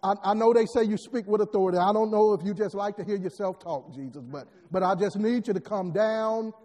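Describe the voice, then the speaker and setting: A man's voice: high-pitched, a little fast, mellow, lightly acted. A man preaching voices a desperate royal official pleading urgently for help. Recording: long hall reverb.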